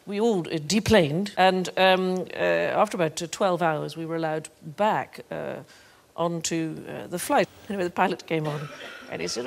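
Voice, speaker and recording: Woman, panel guest anecdote, lowish gravelly voice, hesitant. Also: normal speed. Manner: hesitant with fillers, relaxed storytelling. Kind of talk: anecdote telling.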